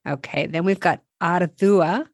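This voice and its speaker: A woman's voice: lowish voice, moderate pace, no room sound, clean studio sound. A woman who is a native English speaker hosting a podcast language lesson, upbeat and self-deprecating as she prompts each word. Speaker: podcast host.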